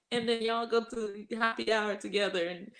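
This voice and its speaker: A woman's voice: fairly high pitch, fairly even intonation, unhurried, fairly bright tone, slight background noise. Laughing woman telling a story. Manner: laughs often, acts out quoted voices. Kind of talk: casual storytelling chat.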